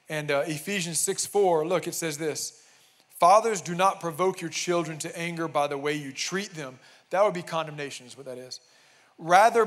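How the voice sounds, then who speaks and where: Male pastor, young, casual emphatic sermon delivery, fairly high pitch. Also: a bit bright. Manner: emphatic, conversational preaching with frequent "amen" and "man". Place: church sanctuary.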